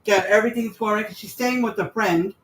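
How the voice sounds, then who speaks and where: A woman's voice: mid-range voice, a little fast. A woman in her forties chatting casually on a livestream, rambling in trailing asides and greeting viewers. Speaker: livestream host.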